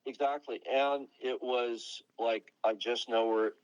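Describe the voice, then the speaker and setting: An older man from Long Island, a rock guitarist, giving a guest interview in a digressive, halting way with many restarts. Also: medium pitch, fairly even intonation, clean tone, no room sound, low-quality recording. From Long Island, New York. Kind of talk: rambling interview talk.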